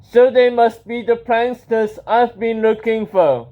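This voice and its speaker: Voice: medium pitch, fairly even intonation, takes it slowly, lightly acted. A storybook reader voicing a sinister, scheming villain, in a dull lo-fi recording.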